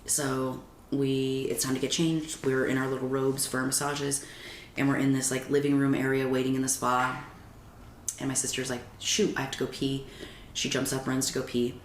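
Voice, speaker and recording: Podcast guest, woman, very deep voice, animated storyteller; echoey room with faint noise. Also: moderate pace. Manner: animated, acts out quoted dialogue. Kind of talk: personal storytelling in conversation. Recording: roomy echo with faint background noise.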